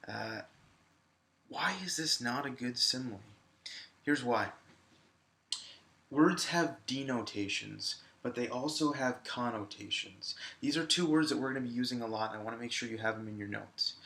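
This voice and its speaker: The male teacher, who teaches high school English, talks at a normal speed with a sharp tone in his video lesson. He keeps it conversational for viewers, frequently dropping in fillers.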